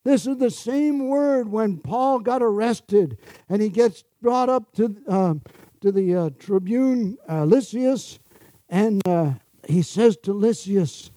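A man's voice: high-pitched, slow, mellow, dry recording. A man preaching a sermon, chuckling often, with sarcastic asides and acted-out quotes of the people he talks about.

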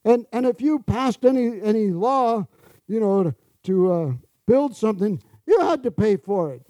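A man's voice: high-pitched, animated, measured pace, mellow, no room sound. A man preaching a sermon, chuckling often, with sarcastic asides and acted-out quotes of the people he talks about.

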